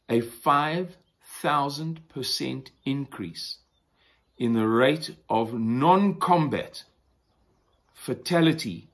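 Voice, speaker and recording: A man with a South African accent hosting a weekly news review, talking deliberately and opinionatedly, pausing to explain words. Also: medium pitch. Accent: South African English. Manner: deliberate, opinionated, pauses to define terms. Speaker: news commentary host.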